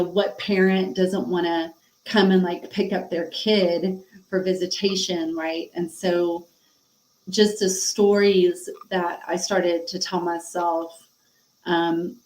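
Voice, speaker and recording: A woman's voice: lowish voice, flat delivery, slow pace, a little mellow, roomy sound, low-quality recording. A middle-aged woman guest on a podcast, telling a painful personal story frankly and emotionally, full of fillers and acted-out dialogue.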